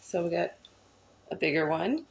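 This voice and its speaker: A woman's voice: on the low side, animated, moderate pace, vocal fry, very noisy. A woman chatting casually in her home kitchen, rambling as she shows off storage bins to a phone camera. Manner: chatty, rambling, says um and thingamajiggers. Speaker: home vlogger.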